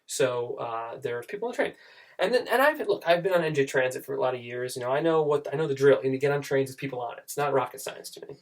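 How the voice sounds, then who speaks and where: A man's voice: mid-range voice, animated, quick pace. A young man telling a comic story straight to camera in a rambling, self-interrupting way.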